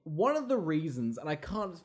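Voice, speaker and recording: Man, fairly high voice, podcast co-host, swearing, animated scene recaps. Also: normal speed. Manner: animated, profane, recaps scenes with laughing asides. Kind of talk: casual film-review chat.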